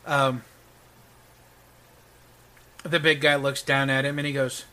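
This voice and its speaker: A man's voice: mid-range voice, little pitch movement, takes it slowly, bright, forceful tone. A man narrating as game master of a tabletop game, describing the action with frequent ums.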